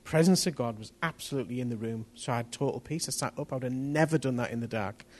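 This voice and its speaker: A man with a mid-range voice preaches a testimony sermon at a fast clip. He tells his story with animation, climbing to near-shouts whenever the tension builds.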